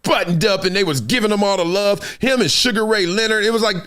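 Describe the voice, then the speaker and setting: A middle-aged man with a Southern California accent, hosting a live show and telling a story in a lively way, acting out quotes and laughing often. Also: high voice, quick pace, clear, resonant tone. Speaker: host.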